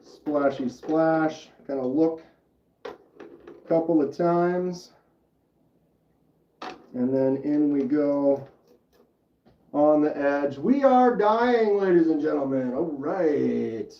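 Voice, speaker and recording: A chatty man walks viewers through a hands-on demonstration, reading the chat aloud as he goes. His voice sits a bit higher than most men's. The recording is roomy and slightly dull. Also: fairly even intonation, drawn-out words, vocal fry, pauses often, recorded from a distance, a little hiss or hum. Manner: chatty, explains steps and reads chat aloud. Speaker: livestream host. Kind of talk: casual livestream demonstration.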